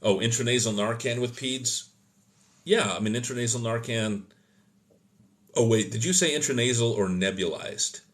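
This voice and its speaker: A man's voice: medium pitch, moderate pace. A man hosting a live stream, answering viewer questions in an opinionated teaching tone and often correcting himself mid-sentence. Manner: loose, self-correcting delivery with fillers. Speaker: host of an emergency medicine live stream.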